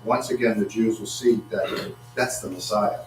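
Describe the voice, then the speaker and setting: A man preaching a sermon, halting and repeating words, acting out quotes with rising excitement. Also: lowish voice. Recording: echoey room from far off with faint hum.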